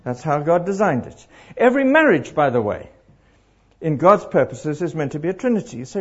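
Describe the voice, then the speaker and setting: A middle-aged man preaching to a congregation, animated and throwing questions out to the crowd. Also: fairly high pitch, brisk, slightly rough. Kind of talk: interactive sermon. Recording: dull lo-fi live recording.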